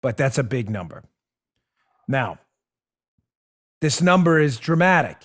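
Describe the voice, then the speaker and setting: A man hosting a political talk show, delivering an emphatic monologue straight to his listeners, dropping low and quiet and then building up loud. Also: big pitch swings, unhurried. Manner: emphatic, swings between hushed and raised; addresses listeners directly.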